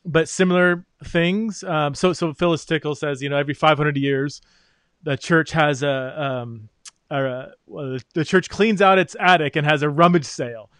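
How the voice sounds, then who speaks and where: A man's voice: on the high side, moderate pace, a bit bright, dry recording. A man hosting an interview, speaking thoughtfully with frequent restarts and fillers. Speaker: podcast host, interviewer. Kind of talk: conversational interview.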